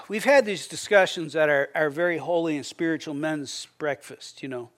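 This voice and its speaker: Male pastor, high voice, relaxed sermon, stammering restarts, acts out prayers. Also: normal speed, hardly any pauses. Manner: conversational, repeats words when starting sentences; acts out quoted prayers with a raised voice.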